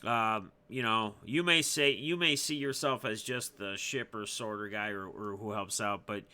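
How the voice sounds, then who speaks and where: A male interview host who rambles encouragingly and circles around his questions. His voice is very bright and tense, with a crisp, clean edge. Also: fairly low pitch. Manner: rambling, encouraging, drawn-out phrasing. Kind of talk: casual interview chat.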